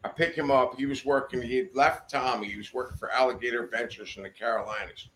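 A man telling a wild story as a podcast guest in a studio, profane and animated, acting out every voice. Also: mid-range voice, quick pace. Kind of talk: casual storytelling.

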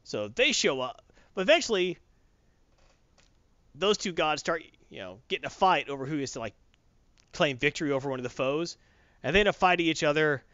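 A man casually recapping a comic book story on a podcast, acting out the characters' lines in quick voices. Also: on the high side, expressive, a bit bright, dry recording. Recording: dull lo-fi dry recording.

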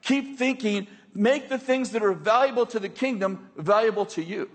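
A man with a high, husky voice preaches a sermon to his congregation. He talks in a conversational way, checking in with the room and slipping in jokes between points. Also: a little fast, a bit bright, in a large hall. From United States. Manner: conversational, joking asides with the congregation. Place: church hall with a congregation.

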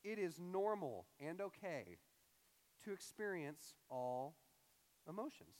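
A young male pastor preaches in an easy, conversational way, acting out voices as he explains the passage. His voice sits a little high for a man. The sound rings with the long reverb of a large hall. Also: takes it slowly. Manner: animated, conversational, acts out quoted voices. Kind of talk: sermon.

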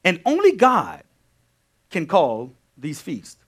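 A male pastor teaching a sermon, animated, repeating key phrases and firing questions at his congregation. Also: on the high side, takes it slowly, breathy edge.

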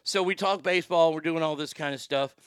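A middle-aged man from Texas hosting a talk show, telling stories in a profane, animated, rambling way. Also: fairly high pitch, fairly quick, smooth, dry recording, clean studio sound. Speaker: podcast host, former sports broadcaster. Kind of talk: casual storytelling monologue.

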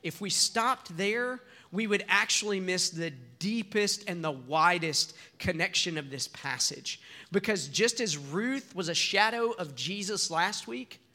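Bright earnest man preaching a sermon. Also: high-pitched, unhurried. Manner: earnest, conversational preaching with repeated restarts. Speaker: pastor.

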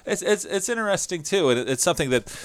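A middle-aged man hosting an interview, speaking thoughtfully and haltingly with many fillers. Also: high voice, lively intonation, no room sound. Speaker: podcast host. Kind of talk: casual interview chat.

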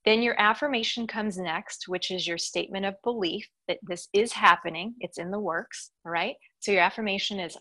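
A woman guiding listeners step by step through a tapping exercise, pausing often with a reassuring "okay". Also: medium pitch, sharp tone. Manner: slow, step-by-step coaching with frequent "okay". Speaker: guest teacher. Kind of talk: guided tapping instruction.

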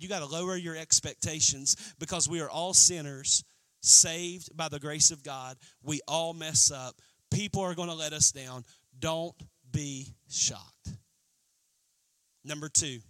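A man pastor preaching a sermon, acting out quotes in an animated way. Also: sits high, dry recording. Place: church.

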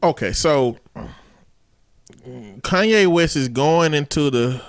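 A man's voice: a little high, expressive, slow. A man co-hosting a casual comedy podcast, joking and profane, often laughing through his stories. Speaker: podcast co-host.

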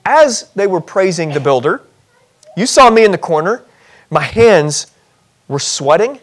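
Animated high-voiced male pastor preaching. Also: measured pace. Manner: animated, acts out voices in scenarios, self-deprecating humor. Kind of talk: sermon. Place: church.

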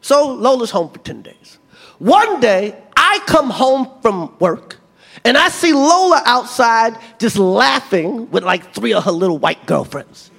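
High, animated man doing stand-up. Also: a little slow, gravelly. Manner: animated, profane, acts out other people's voices. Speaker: stand-up comedian. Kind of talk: stand-up routine. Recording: long reverb of a large venue, faint ambience.

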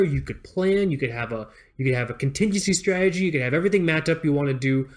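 A young adult man co-hosting a podcast in casual chat, animated, swearing freely and restarting his sentences as he rambles. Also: on the high side. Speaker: podcast co-host.

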